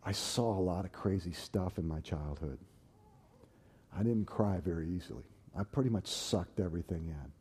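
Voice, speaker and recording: A man preaching and telling his own story, swinging from loud, animated bursts to hushed, tender tones. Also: on the low side, breathy edge. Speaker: preacher giving a personal testimony. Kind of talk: sermon storytelling.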